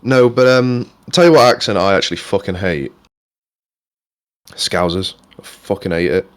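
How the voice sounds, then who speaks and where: A man's voice: sits low, normal speed. A young man co-hosting a podcast, rambling casually with plenty of swearing and fillers. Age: young adult. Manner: rambling, profane, lots of fillers. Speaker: podcast co-host. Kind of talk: casual chat.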